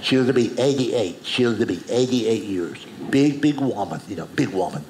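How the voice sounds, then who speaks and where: A man performing stand-up, his drawling pitch swinging widely from line to line. The stage sound is roomy and echoing. A loud audience fills the space behind him. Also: lively intonation, normal speed, hardly any pauses, noisy background. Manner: drawling storyteller, jumps high into put-on voices. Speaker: stand-up comedian. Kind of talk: stand-up comedy set. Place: theater stage with audience laughing.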